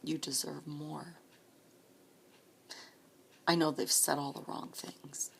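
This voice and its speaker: A woman in her late forties speaking slowly and softly in a personal vlog, often close to a whisper, holding back tears. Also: sits low, flat delivery, gravelly, a little hiss or hum. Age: 40s. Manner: slow, soft-spoken, often near a whisper, earnest. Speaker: vlogger.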